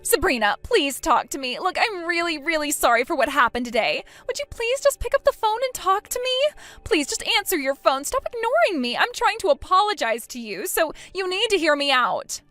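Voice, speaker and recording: A woman's voice: very high voice, sing-song, moderate pace, fairly bright tone, faint music behind, exaggerated voice. A woman voicing a spiteful, jealous young sister of the groom who mocks and whines in a voiced text-story drama. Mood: pleading indignant. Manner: mocking, whiny, petulant.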